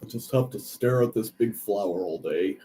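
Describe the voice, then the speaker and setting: Someone voicing a mopey tusked puppet, low and glum, pouting. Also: moderate pace, mellow, a little hiss or hum, lightly acted.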